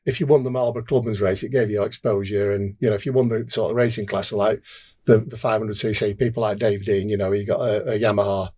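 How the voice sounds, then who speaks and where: A man's voice: lowish voice, fairly even intonation, quick pace, darkish tone, slightly rough. An older man with a Derbyshire accent, a former racer recounting his career in a rambling, casual way, restarting sentences and acting out dialogue. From England. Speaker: podcast guest, former motorbike racer. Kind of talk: casual interview storytelling.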